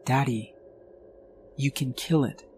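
A man voicing a young girl, a gentle and encouraging daughter who speaks softly and earnestly. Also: medium pitch, takes it slowly, slight background noise, pitched above the performer's own voice, natural voice.

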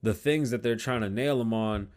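A man hosting his own podcast from a small studio, talking casually, swearing often and getting loud and animated when he tells a story. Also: on the low side, moderate pace. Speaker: podcast host. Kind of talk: casual solo podcast talk.

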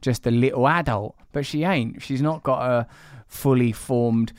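A man in his forties hosts a casual podcast chat. His voice is smooth and resonant, recorded dry and close. He rambles and pokes fun at himself, with the odd casual swear. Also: mid-range voice, measured pace, no echo. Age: 40s. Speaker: podcast host.

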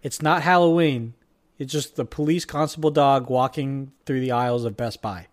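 A young man chatting casually and jokily as a podcast co-host, rambling and animated. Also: medium pitch, moderate pace. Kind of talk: casual chat.

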